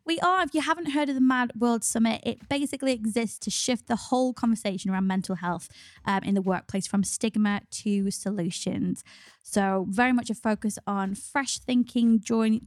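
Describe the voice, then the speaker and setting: A woman's voice: mid-range voice, darkish tone, no room sound, studio quality. Chatty upbeat woman podcast host. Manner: chatty and upbeat, laughs often. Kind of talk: casual podcast chat.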